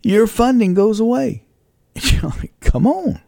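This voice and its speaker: Man, rambling faith reflection, gravelly, dry close sound. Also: high voice, unhurried, darkish tone, no echo. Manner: conversational, rambling, chuckles often, faith-based reflection. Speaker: podcast host and radio broadcaster. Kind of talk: personal reflective monologue.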